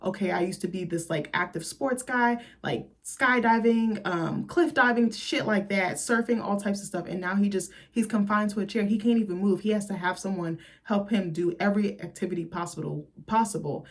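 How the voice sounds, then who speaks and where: A woman's voice: mid-range voice, normal speed, few pauses. A woman host talking casually and profanely about a movie, chatty and sassy.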